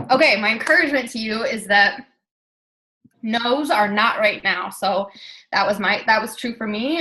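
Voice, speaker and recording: A young woman talks to her team in a chatty, earnest way, her voice bright and clear. She fills her sentences with frequent ums as she speaks. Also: medium pitch, poor audio. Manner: chatty, earnest, many fillers. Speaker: network marketing team leader. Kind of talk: casual motivational talk.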